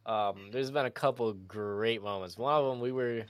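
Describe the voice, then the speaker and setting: A man's voice: mid-range voice, normal speed, crowd noise. A man chatting on a podcast, telling a laid-back story about playing games with friends. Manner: relaxed storyteller, mimics a friend yelling. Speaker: podcast co-host. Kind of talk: casual chat.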